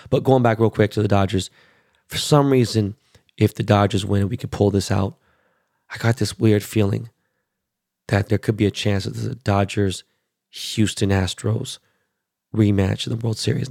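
A man in his forties from Los Angeles, ranting about sports in a blunt, profane, excitable way as a show host. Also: lowish voice, creaky, no room sound, studio quality. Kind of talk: casual sports rant.

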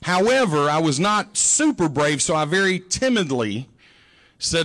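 Middle-aged male pastor, high-pitched, folksy storyteller with a joking delivery. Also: big pitch swings, measured pace, fairly bright tone. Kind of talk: sermon.

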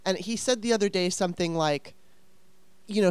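Woman, heated casual chat, exasperated venting, profanity, smooth clear voice, dry close sound. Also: medium pitch, normal speed, darkish tone, no echo.

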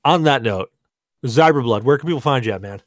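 A man hosting a podcast, tipsy from rum, telling a story in an animated, laughing way and swearing a lot. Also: mid-range voice, fairly quick, no echo, clean studio sound. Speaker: podcast host. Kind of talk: casual storytelling chat.

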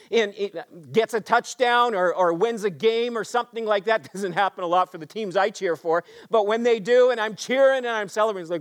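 A male pastor preaching a sermon to his congregation, swinging between excited, raised passages and hushed, quiet emphasis, with frequent rhetorical questions. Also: sits high, a little fast, hardly any pauses. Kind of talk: Easter sermon.

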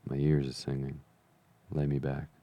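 A man reading the part of a sick old pirate sea captain, feeble and weak, pleading and grumbling in rough sailor's slang. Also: rumbling low, monotone, normal speed, warm tone. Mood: faint. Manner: rough sailor's slang, begging then blustering.

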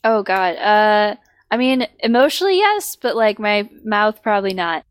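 A woman's voice: mid-range voice, sing-song, normal speed, no room sound. A woman co-hosting a casual gaming podcast, chatty and self-correcting as she shares tips. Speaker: podcast co-host.

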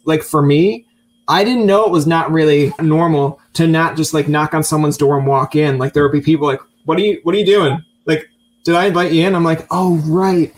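Joking podcast host, man. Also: a little high. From Newfoundland. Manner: jokey, acts out little scenes with laughs. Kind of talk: casual interview chat.

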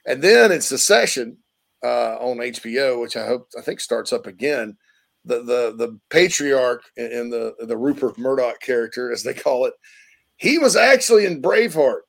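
Gravelly guy chatting sports, animated, likes doing accents. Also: mid-range voice, moderate pace. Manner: animated, playfully tries out accents. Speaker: sports talk co-host. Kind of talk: casual sports chat.

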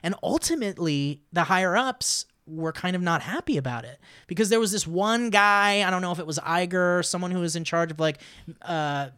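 A man co-hosting a comedy podcast, telling gossip in an animated, storytelling way. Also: high-pitched, brisk, smooth, no room sound, clean studio sound. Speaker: podcast co-host. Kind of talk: casual comedy chat.

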